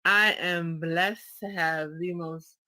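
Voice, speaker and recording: A woman's voice: lowish voice, steady tone, takes it slowly, bright, forceful tone, a little hiss or hum. A woman hosting an online radio interview, talking in an effusive, emotional way with many restarts. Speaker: radio show host. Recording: echoey room, distant mic.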